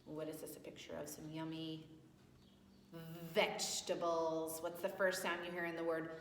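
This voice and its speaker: A woman's voice: deep voice, flat delivery, moderate pace, a little hiss or hum. A woman teaching young children letter sounds at circle time, asking patient questions and praising answers. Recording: echoey room with long reverb.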